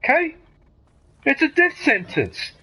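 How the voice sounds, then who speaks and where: A man's voice: very high-pitched, wildly swooping pitch, slow pace, sharp tone, low-quality recording. A man, ranting heatedly and with lots of swearing during live gameplay commentary. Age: 50s. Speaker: gaming streamer.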